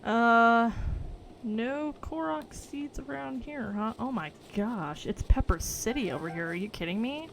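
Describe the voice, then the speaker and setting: Young woman, game streamer, animated slow-paced chatter full of laughs, slightly higher voice. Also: creaky, a little hiss or hum. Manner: chatty, laughs often, exclaims at game mishaps. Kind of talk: casual gameplay commentary.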